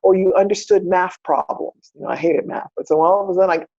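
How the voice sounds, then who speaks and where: Speaking quickly in a fairly low, mellow voice, a spiritual mentor guesting on a podcast candidly recounts her personal story and acts out what she said back then. The audio is dull, dry, and lo-fi.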